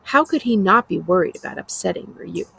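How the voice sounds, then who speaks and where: A school librarian reading a novel aloud in a low voice with a husky grain. Her tone is creaky at the edges, and she tells the story in a steady, plain way. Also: brisk, low-quality recording.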